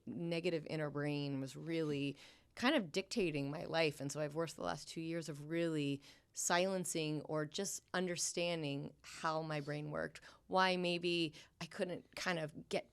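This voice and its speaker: A woman's voice: sits low, steady tone, a little slow, clear, resonant tone. A middle-aged woman with a New England accent, a podcast guest chatting casually and acting out her own thoughts in a raised voice. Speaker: podcast guest, sign painter. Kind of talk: casual interview chat.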